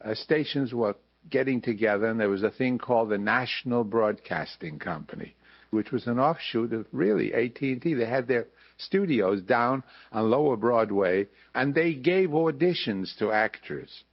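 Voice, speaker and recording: An older man in an archival interview, telling lively anecdotes and acting out the people he quotes. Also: mid-range voice, moderate pace, lo-fi sound. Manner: lively raconteur, acts out quoted voices. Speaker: interviewee recalling his radio career.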